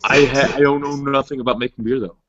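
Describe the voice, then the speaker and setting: A man's voice: mid-range voice, steady tone, fast, fairly bright tone. A man co-hosting a casual chat show, rambling and self-deprecating. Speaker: co-host. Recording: dull, dry lo-fi audio.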